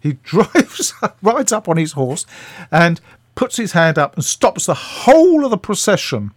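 An older man, a radio guest, telling anecdotes in a chuckling, lively way and acting out the scenes. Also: sits high, unhurried, no room sound, clean studio sound. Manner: chuckling, lively storyteller who acts out scenes. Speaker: interview guest. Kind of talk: anecdotal storytelling.

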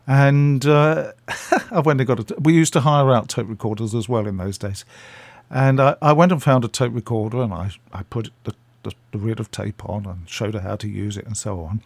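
A man's voice: medium pitch, moderate pace, dry recording. An older man, a radio guest telling chatty, self-deprecating stories and acting out the voices. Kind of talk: anecdotal storytelling.

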